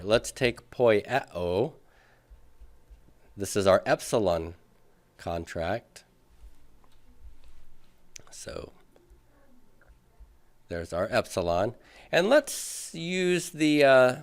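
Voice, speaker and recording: Slow, low-voiced man teaching a class. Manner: patient, thinks aloud with many fillers, asks students questions. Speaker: Greek teacher. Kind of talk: classroom lecture.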